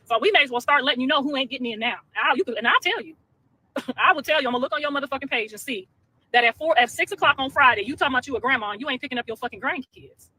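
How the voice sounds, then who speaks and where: A woman's voice: high-pitched, very fast, bright, forceful tone. A woman ranting profanely on a livestream from inside a car, combative and cursing. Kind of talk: heated livestream rant. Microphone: phone. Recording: noisy phone stream.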